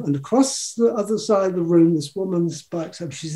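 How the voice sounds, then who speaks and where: A man's voice: high-pitched, expressive, brisk, warm tone. A New man in his seventies telling a personal story in a rambling, chuckling way, acting out the quotes. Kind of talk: casual storytelling.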